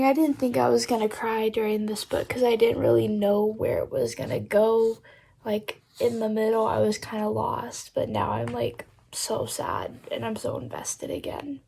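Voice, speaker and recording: Woman, book vlogger, slightly high voice, slow unhurried talk, lots of "like", phone mic. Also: vocal fry, darkish tone, a little hiss or hum. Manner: chatty, heavy use of "like" fillers; emotional and effusive about books. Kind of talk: casual reading vlog to camera.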